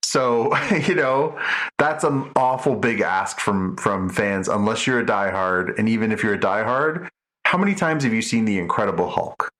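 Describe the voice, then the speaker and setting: Brief: middle-aged male podcast host, lowish voice, rambling reviewer, lots of restarts. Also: moderate pace, fairly bright tone. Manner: rambling, many restarts and fillers. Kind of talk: casual chat.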